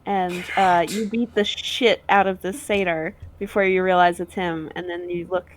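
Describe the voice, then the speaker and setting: A woman narrating as game master of a tabletop game, halting with frequent fillers. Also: on the low side, fairly even intonation, slight background noise.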